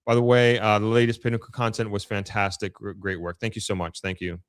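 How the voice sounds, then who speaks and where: A man's voice: on the low side, little pitch movement, fairly quick, smooth, no echo, clean studio sound. A man with a Long Island accent hosting a casual live stream, reading viewer comments aloud and answering them in an upbeat, chatty way. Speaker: livestream host reading chat.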